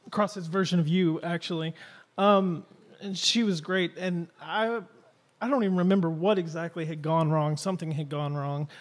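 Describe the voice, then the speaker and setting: A man with a notably high voice recalls stories in a relaxed, reflective way, pausing on "um". He co-hosts a podcast recorded live in a coffee shop. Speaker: history teacher and podcast co-host. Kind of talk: casual chat.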